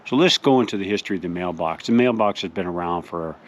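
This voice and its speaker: A man hosting a mock-serious tutorial outdoors, explaining things deadpan as if to kids. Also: low-pitched, fast talker. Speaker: host. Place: outdoors in a front yard by a mailbox.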